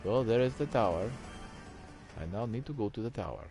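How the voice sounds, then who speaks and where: A man's voice: mid-range voice, animated, fairly quick, a little mellow, soft background music. Profane, ranting gameplay commentator man. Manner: crude, profane ranting at the game; mock-dramatic, sometimes sing-song. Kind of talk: let's play commentary.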